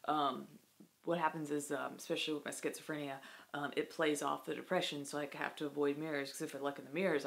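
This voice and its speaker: A woman vlogger talking candidly to camera, halting, with many fillers and restarts. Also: low-pitched, flat delivery, vocal fry. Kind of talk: candid personal talk to camera.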